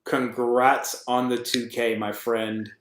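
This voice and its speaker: A man's voice: medium pitch, level tone, slow pace, roomy sound. A man co-hosting a casual podcast chat, upbeat and teasing, jumping in with jokes. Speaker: co-host.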